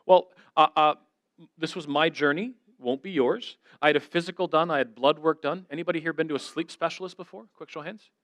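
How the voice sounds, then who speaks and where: A man giving a church talk, telling stories in an animated, self-deprecating way and acting out the conversations. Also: a little high, a little fast, dry recording, clean studio sound. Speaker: guest speaker.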